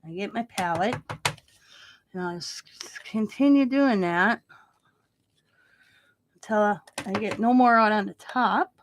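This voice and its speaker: A woman's voice: medium pitch, measured pace, pauses often, background noise. A woman hosting a casual crafting vlog, chatting and joking as she works at her craft table. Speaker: craft channel host.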